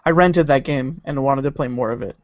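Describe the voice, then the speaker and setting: A man's voice: mid-range voice, brisk, no room sound, highs cut off. A man co-hosting a casual podcast who chats eagerly and trails off while searching for things. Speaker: podcast co-host. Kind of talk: casual chat.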